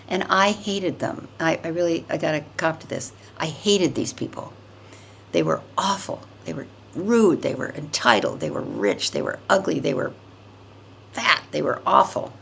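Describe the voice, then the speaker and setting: A woman's voice: fairly low pitch, gravelly, slight background noise. An older woman, a podcast guest, telling a personal story in a vivid, emphatic way, often repeating words for effect.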